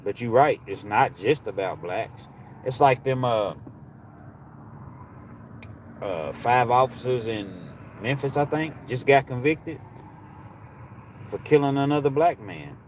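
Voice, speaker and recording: A man's voice: mid-range voice, animated, slow pace, pauses often, slight background noise. Heated man ranting on a livestream. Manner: heated, preachy, rising to shouts. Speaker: livestream host. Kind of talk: live chat with viewers.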